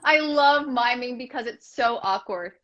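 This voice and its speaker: A woman's voice: a little high, measured pace, a bit bright, muffled recording. A woman hosting a casual video call chat, playful and joking, laughing often. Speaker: host.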